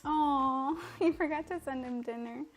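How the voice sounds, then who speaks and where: Young woman, from mexico, higher voice, chatty, giggly, cooking at home, live stream. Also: measured pace. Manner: chatty, giggly, reads and answers viewer comments. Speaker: livestream host. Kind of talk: casual live-stream chat while cooking. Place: home kitchen.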